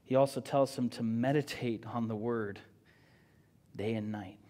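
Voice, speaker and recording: Male pastor, sermon delivery, middle pitch, emphatic and conversational. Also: fairly even intonation, a little slow. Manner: emphatic, swings from loud declaring to quiet asides; conversational, with frequent "right?" and "you know".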